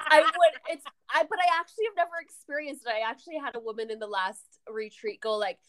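Woman podcast guest with a fairly high voice, chatting casually and telling stories with lots of giggles. She runs retreats and talks in a relaxed, open way, often breaking into laughter mid-sentence. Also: fairly quick. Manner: giggly, animated storytelling with frequent laughter.

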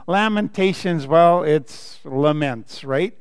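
Pastor guy reading a kids book in a sermon, slow and playful, big echoey hall. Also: fairly high pitch, clear, resonant tone. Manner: animated, playful read-aloud with asides and laughs. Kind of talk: reading a children's story in a sermon.

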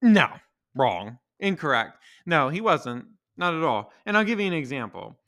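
A man's voice: on the high side, big pitch swings, normal speed, fairly bright tone. A man hosting a podcast, delivering a casual, exasperated rant full of swearing and rhetorical questions. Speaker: podcast host. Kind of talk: casual ranting monologue.

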